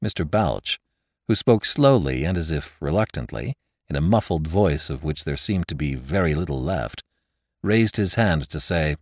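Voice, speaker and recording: A man narrating a classic story in a measured, expressive way. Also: very deep voice, dry recording, clean studio sound. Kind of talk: audiobook narration.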